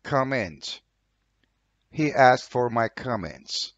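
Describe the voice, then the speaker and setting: A man's voice: mid-range voice, animated, extremely slow, vocal fry, dry recording, highs cut off. A man with a Turkish accent teaching English vocabulary, saying each word twice and reading an example sentence. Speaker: language teacher.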